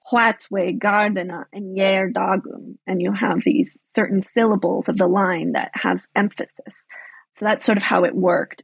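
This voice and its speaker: A woman's voice: mid-range voice, creaky, slightly rough, no room sound. A woman guest on a history podcast, explaining things thoughtfully and often saying "sort of". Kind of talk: podcast interview.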